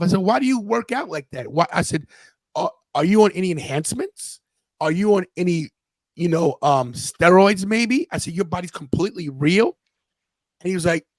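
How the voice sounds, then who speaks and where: A man's voice: sits high, very animated, moderate pace, no echo, rough recording. A man in his fifties hosting a podcast, telling a personal story in an earnest, casual way and often restarting his sentences. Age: 50s. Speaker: podcast host.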